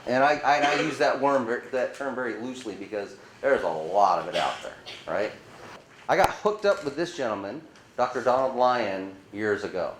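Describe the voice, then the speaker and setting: A man's voice: medium pitch, normal speed, reverberant, slight background noise, poor audio. A man giving a conference talk to an audience, asking them rhetorical questions and acting out dialogue while he tells stories. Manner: animated storyteller acting out dialogue. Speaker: conference speaker. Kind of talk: conference presentation to a live audience. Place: conference room.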